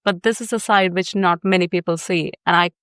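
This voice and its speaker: A woman's voice: on the low side, steady tone, a little fast, clear, resonant tone, no room sound, clean studio sound. Laughing woman telling a personal story. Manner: warm storytelling, often laughing. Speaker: guest psychotherapist. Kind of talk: candid podcast conversation.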